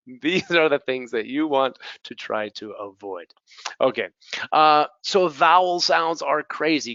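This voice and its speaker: A man's voice: on the high side, measured pace, gravelly, pushed and bright, no echo, dull audio. American man drilling English sounds. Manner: switches between English and Spanish, repeats words to drill sounds. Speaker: English teacher. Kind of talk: bilingual pronunciation lesson.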